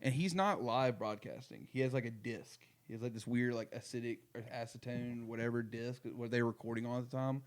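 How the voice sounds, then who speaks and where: A man's voice: mid-range voice, fairly quick, few pauses. Rambling young man hosting a podcast. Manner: rambling, lots of fillers and restarts. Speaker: podcast host. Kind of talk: casual chat.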